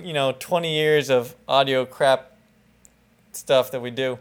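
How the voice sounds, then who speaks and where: A man co-hosting a comedic podcast in casual chat, joking and swearing freely, stumbling over his words when he gets excited, speaking into a lapel mic held in his fingertips. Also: a little high, normal speed. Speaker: podcast co-host. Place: makeshift home setup.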